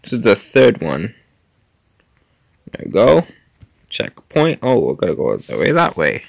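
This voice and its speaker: Slow, gravelly man narrating his gameplay. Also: lowish voice, huge pitch swings, dry recording. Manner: talks to himself while playing, chatty, quick little laughs. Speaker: gaming channel host. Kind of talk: casual gameplay commentary.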